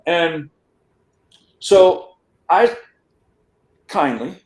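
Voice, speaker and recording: Speaking very slowly with frequent pauses, this man has a voice on the high side and is captured in an echoey room on a low-quality recording. As an interview guest, he tells a long personal story casually and with animation, acting out people's words and sometimes stammering and restarting phrases.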